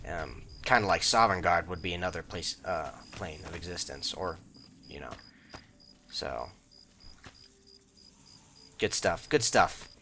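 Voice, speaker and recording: A young man hosts a let's play, chatting casually over the gameplay in a rambling, self-interrupting way and breaking into squeaky, high mock voices. He takes his time, leaving long pauses, with background noise audible.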